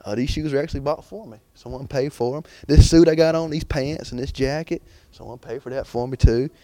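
A man's voice: medium pitch, brisk, mellow, no room sound. Casual young male preacher, dry sound. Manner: conversational, rambling, many fillers and restarts. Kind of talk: informal sermon.

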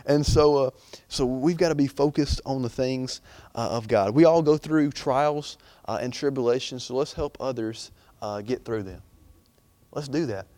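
A man's voice: mid-range voice, moderate pace, darkish tone, no room sound. A young man preaching an informal sermon in a chatty, rambling way, full of fillers and restarts.

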